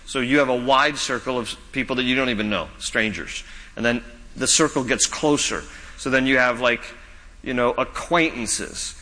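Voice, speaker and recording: A man's voice: mid-range voice, moderate pace, pushed and bright, in a large hall. A man preaching a sermon, earnest and pleading, rising to urgent questions, then teaching in a conversational way. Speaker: pastor.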